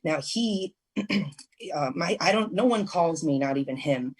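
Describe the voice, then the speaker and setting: A woman's voice: low voice, expressive, unhurried, slightly rough. A young adult woman, a guest on a call-in radio interview, telling an emotional personal story in a rambling way, full of restarts and fillers.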